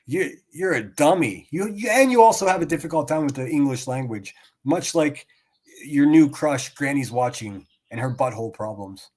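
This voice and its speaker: A man's voice: a little high, lively intonation, normal speed, darkish tone. A man streaming and reacting to clips, ranting in a profane, mocking way and laughing sarcastically at his target.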